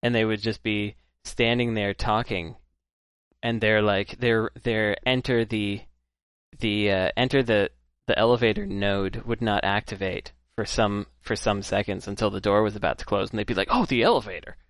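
A man's voice: lowish voice, level tone, normal speed, a bit bright, clear, resonant tone, no room sound. A man co-hosting a casual podcast chat, telling rambling anecdotes and quoting people in passing. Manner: rambling anecdotes with acted quotes. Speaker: podcast co-host.

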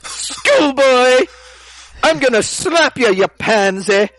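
A man's voice: lively intonation, slow, fairly bright tone, dry recording, heavily acted, poor audio. A man voicing a rude young schoolgirl from a game, shrieking threats in a put-on semi-Irish accent over a video call. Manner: shrill, screeching threats.

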